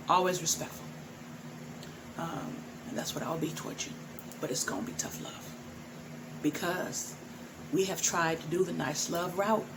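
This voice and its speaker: A middle-aged woman who teaches tantra, talking frankly to her viewers and laughing often. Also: lowish voice. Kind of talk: direct-to-camera talk. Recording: noisy background.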